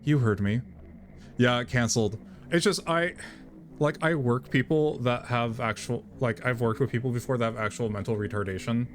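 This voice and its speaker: A man's voice: mid-range voice, steady tone, moderate pace, slight background noise. A man streaming live, chatting casually between read-aloud passages, talking loosely with lots of restarts. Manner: chatty, full of restarts and fillers.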